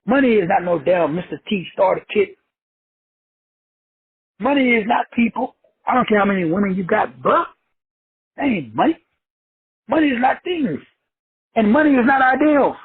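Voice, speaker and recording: Casting: high, husky-voiced man from Texas, slangy motivational preacher, lo-fi call audio. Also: animated, normal speed, long pauses. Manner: emphatic, repetitive, slangy and profane. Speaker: teacher leading an online call. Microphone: online call. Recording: phone-like lo-fi audio.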